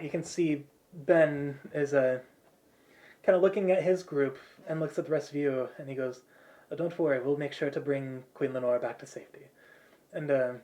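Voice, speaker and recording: A man narrating as game master, in a relaxed, rambling way with many fillers. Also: fairly high pitch.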